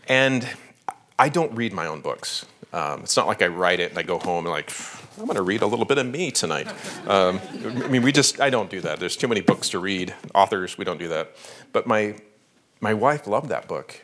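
A man's voice: low-pitched, a bit bright. A man, an author, giving a conversational talk at a library, telling stories animatedly with fillers.

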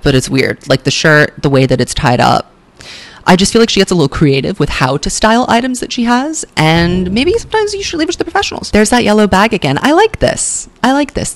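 A woman chats through fashion commentary with a lively, bouncing pitch. She is sassy and blunt, swears freely, and stretches her words for emphasis before rushing ahead. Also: gravelly. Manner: sassy, gushing and cutting by turns, swears freely; drawls words for emphasis, then rushes. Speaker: pop culture vlogger.

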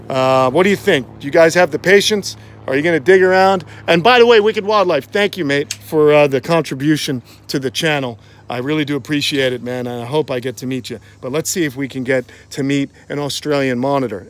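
A man giving an enthusiastic, chatty live tour of an outdoor animal sanctuary, filmed on a phone he carries as he walks. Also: on the high side. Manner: enthusiastic, chatty, addresses viewers as guys. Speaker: wildlife sanctuary vlogger. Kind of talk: live-streamed walking tour. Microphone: phone held while walking. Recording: phone mic, level shifting as he turns.

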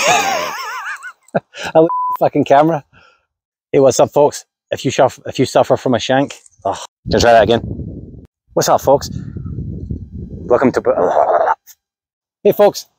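A man's voice: mid-range voice, no echo. Sex: man. Role: golf instructor. Style: flubbed on-camera takes, jokey and restarting. Sound: dry, close. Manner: jokey, stumbles over lines and restarts.

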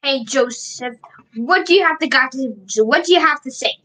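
A woman's voice: high voice, normal speed, a bit bright, poor audio. A woman streaming live, chatting casually to herself while she shares her screen and repeats her questions.

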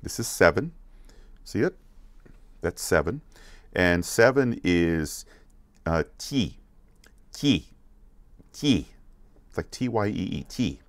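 A man teaching children a counting song, going slowly and repeating each word so they can follow. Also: low voice, lively intonation, a bit bright, dry recording. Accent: American. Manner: repeats words slowly, asks questions to check along. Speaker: music teacher. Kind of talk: slow, patient lesson for kids.

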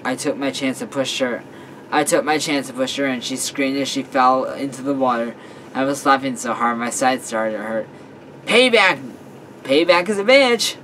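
Brief: man reading a story aloud, casual and halting, bright forceful voice with faint room hum. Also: mid-range voice, fairly even intonation, poor audio. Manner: halting, with fillers and self-corrections. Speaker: story reader.

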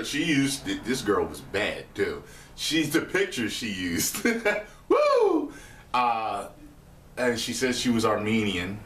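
A man's voice: on the low side, pushed and bright, a little hiss or hum. A man vlogging, telling a loose, slangy story with swearing and laughs. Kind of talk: casual storytelling. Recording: echoey room, mic far off.

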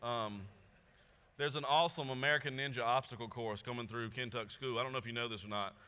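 A man's voice: medium pitch, fairly even intonation, quick pace, pushed and bright, smooth. A man preaching a sermon as pastor, in a casual, conversational way, reading scripture and acting out the figures in it with slang. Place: church hall with audience. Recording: long hall reverb.

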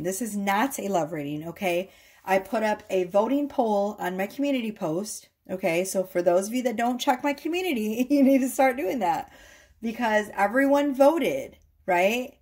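A woman reading tarot chats casually with her viewers in a mid-range voice with lively intonation. She rambles a little and keeps checking in with a quick "okay?"

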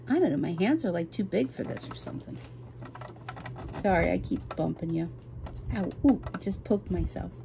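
A woman's voice: on the low side, animated, moderate pace, gravelly, pauses often, background noise. A woman chatting to viewers while working at a machine, flustered and apologetic. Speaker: embroidery vlogger. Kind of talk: casual how-to chat while working. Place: home sewing room with window open and ceiling fan. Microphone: camera mic, no microphone on.

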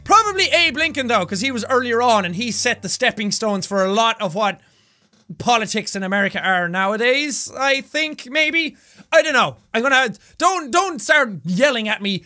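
A young man with an Irish accent, talking straight to his audience as a gaming YouTuber in an energetic, rambling way, breaking into bursts of yelling. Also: very high voice, normal speed. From Ireland. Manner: animated, loud bursts of yelling, rambling asides. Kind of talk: energetic casual commentary to camera.

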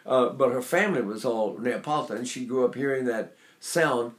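An older man teaching singing, talking in an animated, digressive way and breaking into sung vocal demonstrations. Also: medium pitch, moderate pace. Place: Seattle area.

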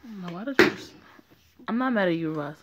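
Calm, protective male bodyguard in a story game, read by a woman in her own voice. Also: lowish voice, fairly quick, dull audio, heavy background noise, natural voice.

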